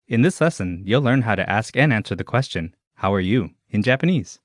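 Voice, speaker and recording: A man with a very low voice reads a scripted language lesson in a clear, measured, instructional way. The recording is dry and close, with no room sound. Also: expressive, no echo. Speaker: lesson narrator.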